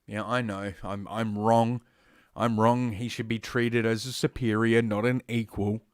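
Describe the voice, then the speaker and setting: A man's voice: lowish voice, flat delivery, measured pace, clean tone, no echo, clean studio sound. A man with an Australian accent hosting a solo podcast, reading news stories aloud and breaking off into rambling, profane, sarcastic asides. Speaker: podcast host.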